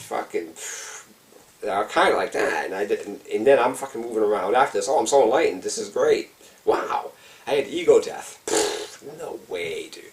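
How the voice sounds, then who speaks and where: Set back from the microphone, a vlogger with a fairly low voice recounts something that happened to him, swearing constantly and voicing his panicked thoughts in a casual, intense way. The audio is rough and distant.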